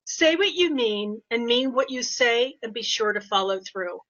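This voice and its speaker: An older woman, a behavior consultant, speaking in a casual podcast interview and telling animated stories with quoted voices. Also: fairly high pitch, unhurried. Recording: dull lo-fi audio.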